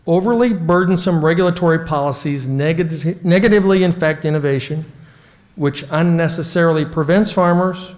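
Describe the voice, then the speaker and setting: A middle-aged man from the United States giving a prepared policy speech as a trade negotiator, measured and emphatic, reading from notes with small slips. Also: on the high side.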